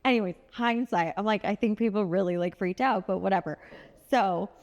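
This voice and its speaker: A woman telling a long personal story as a podcast guest, loose and chatty, full of "like" and quick asides. She slips into higher voices for the people she quotes. Her middle-pitched voice trails into a long, roomy reverb. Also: darkish tone, highs cut off. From United States (Bay Area). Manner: chatty, filler-heavy, acts out quoted dialogue in a higher voice. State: had lost her voice at the time told, not now. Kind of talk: candid storytelling chat.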